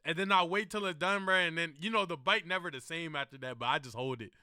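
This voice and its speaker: A man's voice: a little high, quick pace, smooth, no room sound, studio quality. A young man streaming and reacting to videos, chatting casually with lots of slang like bro and gang. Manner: slangy and animated, calling the listener bro and gang.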